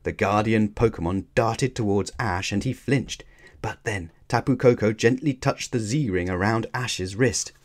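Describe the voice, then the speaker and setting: Reading aloud from a children's adventure story, this male narrator keeps a steady, expressive pace. His voice leans toward the low end.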